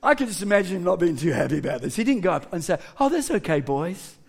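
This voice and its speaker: A middle-aged man preaching a sermon to his congregation, joking with them and shouting key points for emphasis. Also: high-pitched, big pitch swings, rapid-fire, gravelly, slightly rough. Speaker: pastor.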